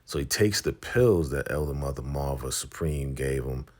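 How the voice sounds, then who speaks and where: A man casually recapping a TV episode, telling the story in an animated way and acting out the scenes as he goes. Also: very deep voice, moderate pace. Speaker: TV recap vlogger.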